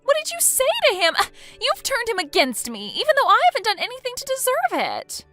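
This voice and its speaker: A woman's voice: very high voice, very animated, a little fast, bright, forceful tone, faint music behind, voice pushed up, heavily acted. A synthetic woman's voice playing an entitled young woman who talks in an indignant, self-pitying way.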